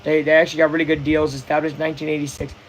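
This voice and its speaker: A young man hosting a casual live baseball watch-along, chatty and excitable, full of slang. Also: on the high side, very fast, a little hiss or hum, rough recording. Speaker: livestream host.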